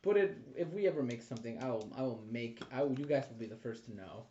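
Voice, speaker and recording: A man's voice: mid-range voice, animated, fast talker, dark tone, a little hiss or hum. A man playing in a casual tabletop game, talking in a brash, jokey way and swearing freely. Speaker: player. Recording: dull echoey recording with chatter behind.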